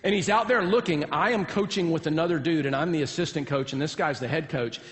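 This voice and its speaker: A man's voice: a little high, fast. A man, a pastor, telling a folksy, humorous story in a sermon, recorded with long hall reverb in a large church.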